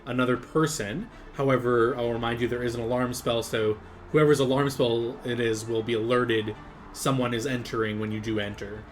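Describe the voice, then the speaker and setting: A man narrating as game master of a tabletop game stream, relaxed, laughing often, with plenty of fillers. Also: mid-range voice, normal speed, a little hiss or hum.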